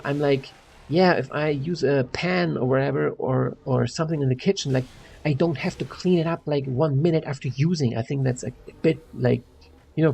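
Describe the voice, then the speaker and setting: A man's voice: on the high side, creaky, darkish tone, slight background noise. A young man from Germany with a German accent, ranting angrily in a casual vlog, swearing and rambling with many fillers.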